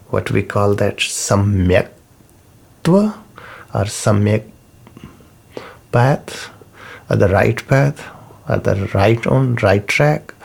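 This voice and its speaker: A spiritual teacher gives a slow spoken teaching talk in a gravelly, mid-range voice with a darkish tone. He's unhurried, repeats key terms, and uses non-native phrasing.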